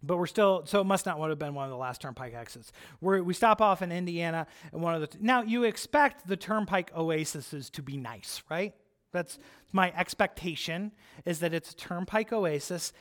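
A man preaching, telling a personal story in an animated, chatty way, with lots of "like" and "right?". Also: on the high side, moderate pace. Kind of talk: storytelling sermon.

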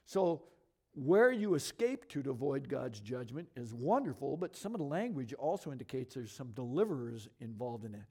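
A middle-aged man teaching from scripture to a congregation in a lively, conversational way, asking the room questions as he goes. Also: medium pitch, breathy edge. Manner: lively, conversational, talks fast and asks the audience questions. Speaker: bible teacher.

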